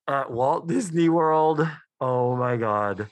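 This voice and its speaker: A man co-hosting a podcast in casual chat, enthusiastic and animated, swearing freely. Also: mid-range voice, no echo. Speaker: podcast co-host.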